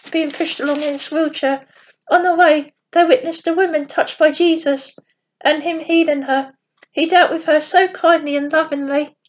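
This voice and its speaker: A woman with a high voice reads a bedtime story gently and plainly, now and then stumbling over a word. The recording is dull and lo-fi.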